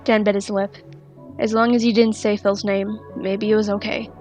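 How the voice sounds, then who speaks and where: Woman reading a fanfic aloud, steady and soft, quiet music behind. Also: mid-range voice, moderate pace. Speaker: fanfiction reader. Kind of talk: storybook narration.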